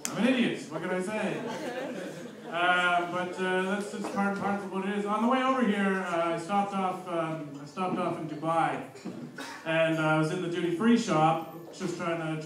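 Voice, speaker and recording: A man's voice: on the high side, a bit bright, slight background noise. A man doing a stand-up comedy set on a club stage, rambling and self-mocking with plenty of fillers. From abroad, living in New Zealand a year. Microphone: handheld stage mic. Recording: roomy club sound from far off.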